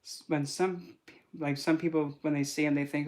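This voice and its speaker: A young man who works as a spiritual reader chats casually on a livestream, telling rambling, animated stories packed with fillers. His voice sits on the high side, and he talks at a normal speed.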